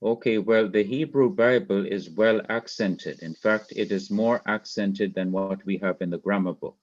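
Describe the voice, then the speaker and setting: A man with a Jamaican accent teaching a Hebrew grammar class online, slowly repeating each rule for emphasis. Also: lowish voice. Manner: slow, repeats key rules for emphasis. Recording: dull lo-fi online class audio.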